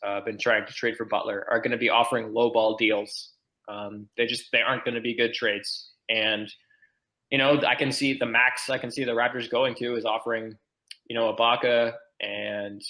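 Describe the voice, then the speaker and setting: A man's voice: lowish voice, pushed and bright, low-quality recording. A man talking as a guest on a casual podcast, rambling with plenty of fillers. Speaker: podcast guest, team blogger.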